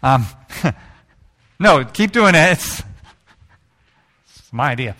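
A man preaching a sermon, telling stories in an animated way and joking with the congregation. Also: on the high side, takes it slowly. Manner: animated storytelling, jokes with the congregation. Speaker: pastor.

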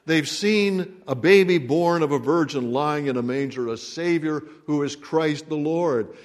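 A pastor preaching a Christmas sermon in a slow, dramatic way, building to emphatic peaks. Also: male voice, fairly high pitch. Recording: long reverb of a large hall.

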